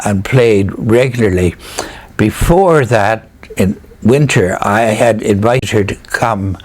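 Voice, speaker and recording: Older man reminiscing with many hesitations. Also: lowish voice. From Canada. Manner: hesitant, many fillers, animated recollection. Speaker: interviewee, retired theatre critic. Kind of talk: reminiscing interview answers.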